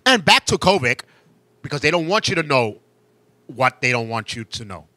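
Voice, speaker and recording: A man hosting a talk show, delivering an impassioned monologue with emphatic outbursts that jump high in pitch. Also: lively intonation, moderate pace, pushed and bright, no echo.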